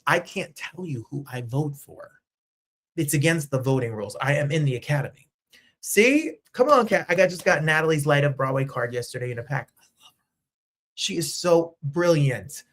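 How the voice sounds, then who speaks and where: A man hosting a show in casual chat, excitable and chatty, jumping from topic to topic. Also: fairly high pitch, fairly quick. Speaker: host. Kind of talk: casual live-stream chat.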